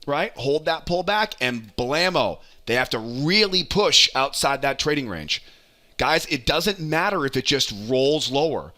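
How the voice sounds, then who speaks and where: A man with a bright, forceful voice walks through market charts like a coach. He talks with energy, repeats key phrases for emphasis, and keeps tossing in a questioning "right?" to pull the listener along. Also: medium pitch. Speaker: trading educator. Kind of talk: live chart walkthrough lesson.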